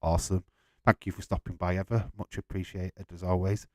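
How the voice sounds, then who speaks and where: A man's voice: low-pitched, level tone, brisk, dry recording, muffled recording. A man hosting a live football watch-along, chatting casually, swearing and laughing as he goes.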